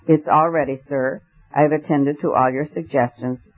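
A man's voice: on the high side, fairly even intonation, moderate pace, lo-fi sound, natural voice. A man voicing a timid old male house agent who speaks in a quavering, hesitant, apologetic way. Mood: nervous.

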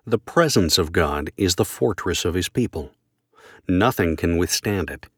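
A man with a low voice reads devotional prose in a measured, solemn, formal way. The recording is dry and close, with no room sound. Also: animated, husky, no room sound. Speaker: reader of a devotional book. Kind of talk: scripted devotional reading.

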